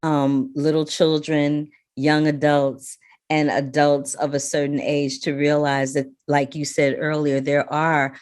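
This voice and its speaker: A woman with a notably low voice hosts a film podcast interview. She speaks with gushing, heartfelt praise, her emotion close to the surface. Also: flat delivery, a little slow, a little mellow. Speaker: podcast host, film critic.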